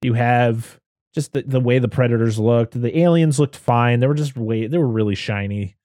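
A man's voice: mid-range voice, moderate pace, dark tone, no room sound, studio quality. A man hosting a podcast, chatting casually about a film, rambling and laughing often. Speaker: podcast host. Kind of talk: casual film review chat.

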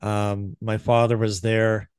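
Male veteran host, mid pitch, dry sound, sincere and moved. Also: little pitch movement, slow, darkish tone, clear, resonant tone, no room sound. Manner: emotional, heartfelt recollection. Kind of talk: casual interview.

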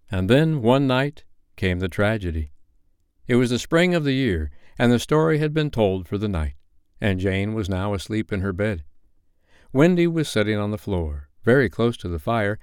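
Storyteller, man, smooth voice, lively delivery, bedtime reading. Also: on the low side, no echo, clean studio sound. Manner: expressive, gentle storytelling.

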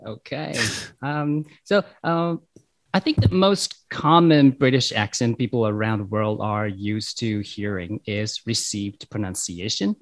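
A man's voice: fairly low pitch, a little slow, no room sound. A man interviewing guests, asking questions hesitantly with fillers.

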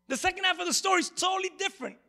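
A male pastor preaching an animated sermon to a congregation and calling for their responses. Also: extremely high pitch, fast, creaky. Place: church before a congregation.

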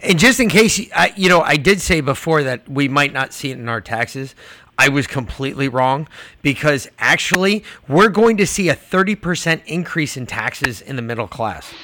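A man's voice: fairly high pitch, expressive, moderate pace, bright, forceful tone. A male podcast co-host ranting casually and profanely about prices and taxes. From Georgia. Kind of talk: casual political chat.

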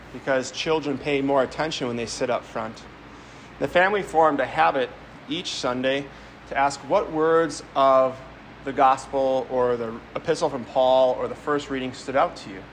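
A man's voice: medium pitch, a bit bright, slight background noise, low-quality recording. A man preaching a homily as a priest, speaking conversationally, telling stories and often repeating words as he goes. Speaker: Catholic priest.

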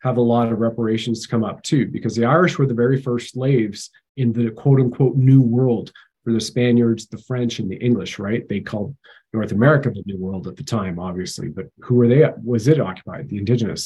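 Male host, husky tone, loose digressive talker. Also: mid-range voice, brisk, a little mellow, poor audio. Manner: rambling, digressive history talk. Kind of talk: casual interview chat.

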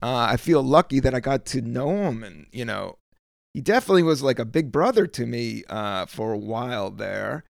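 Heard in clean studio sound with no room tone, this middle-aged podcast host from the United States has a medium-pitched, creaky, animated voice at normal speed. The comedian rambles loosely through his solo show, swearing a lot and trailing off as he hunts for words.

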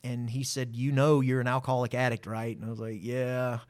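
A man, a guest telling a personal testimony with lively acted-out dialogue. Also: mid-range voice, a little fast. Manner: animated, acts out voices in his story. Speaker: interview guest. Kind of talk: storytelling testimony.

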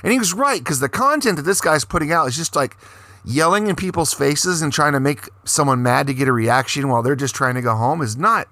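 A man co-hosting a casual news podcast, talking in a heated, profane way. His voice sits a bit high and sounds bright and forceful. The sound is dry and close. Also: lively intonation, brisk, no room sound. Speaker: co-host.

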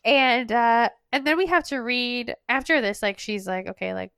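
A young woman co-hosting a podcast, recapping a story in chatty, sarcastic casual talk, her voice going hoarse. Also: on the high side, moderate pace, fairly bright tone, dry recording. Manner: chatty, sarcastic, lots of fillers. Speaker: podcast co-host.

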